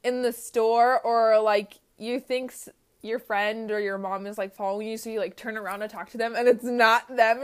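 A woman's voice: on the high side, fairly even intonation, normal speed, clear, resonant tone. A young woman hosting a podcast, reading funny stories aloud and chatting about them with a giggly manner and lots of filler words. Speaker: podcast host.

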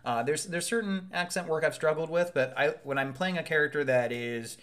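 A man's voice: a little high, fairly bright tone. A male actor co-hosting a podcast, explaining in casual chat with many halts and restarts. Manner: halting, restarts, then explains carefully.

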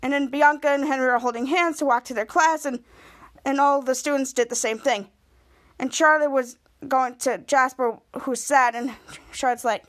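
High-voiced woman rambling through a recap. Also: fairly even intonation, normal speed. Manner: rambling retelling with restarts, acting out quoted lines. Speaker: podcast host. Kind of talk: casual episode recap.

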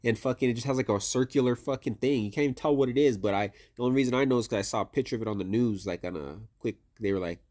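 A man's voice: medium pitch, rapid-fire, few pauses, darkish tone. A man co-hosting a podcast, chatting casually about fights, swearing often and trailing off with "I don't know.". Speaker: podcast co-host. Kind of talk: casual chat.

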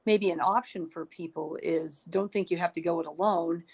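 A woman's voice: fairly low pitch, steady tone, normal speed, creaky, husky. A middle-aged woman hosting a podcast interview, talking in an encouraging, thinking-aloud way with many restarts. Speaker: podcast host. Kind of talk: casual interview chat.

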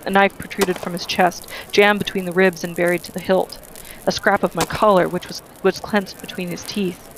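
A reader giving a steady, earnest first-person reading of a novel. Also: medium pitch, moderate pace, a little hiss or hum, poor audio. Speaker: audiobook reader.

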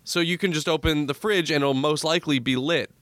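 A man talking as a guest on a podcast, telling stories in a lively, joking way with quick asides. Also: on the high side, no echo. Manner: animated storyteller, jokey asides. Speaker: comedy producer, guest. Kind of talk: casual podcast chat.

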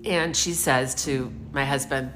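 A middle-aged woman giving a reflective spiritual talk, meandering and unhurried, gently putting questions to the listener. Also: rumbling low, steady tone, faint music behind. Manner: meandering, unhurried, searching for words. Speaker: spiritual speaker.

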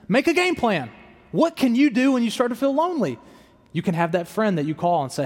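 A man's voice: high voice, very animated, brisk. A young adult male pastor giving a conversational sermon and acting out the quoted self-talk of his listeners. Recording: reverberant hall sound.

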